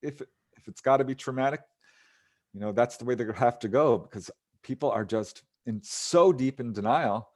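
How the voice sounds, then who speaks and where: A man's voice: mid-range voice, moderate pace, a little mellow. A man, a ufologist guest on an interview show, casually retelling encounter stories, often chuckling and using fillers.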